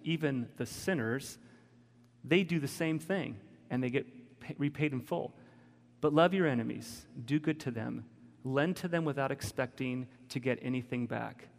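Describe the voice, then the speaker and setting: A man delivers a candid, emotional sermon in a conversational way, his voice gravelly with creak. His voice rings with the long reverb of a church hall. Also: mid-range voice, moderate pace. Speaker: pastor.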